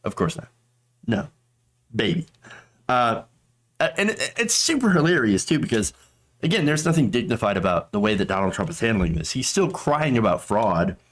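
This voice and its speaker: A man's voice: medium pitch, very animated, moderate pace, fairly bright tone. A man hosting a political commentary show, talking in a sarcastic, mocking way.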